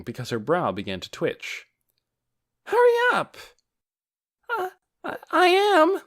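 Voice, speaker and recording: A man narrating a fantasy novel as an audiobook with expressive storytelling. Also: mid-range voice. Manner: expressive storytelling, varied intonation.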